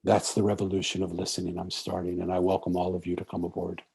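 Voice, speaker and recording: A man with a lowish, mellow voice giving an inspirational talk to a conference audience. He tells a personal story and voices the people in it as he goes. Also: completely flat delivery, quick pace, gravelly, breathy edge. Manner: storytelling, acts out quoted speech. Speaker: speaker.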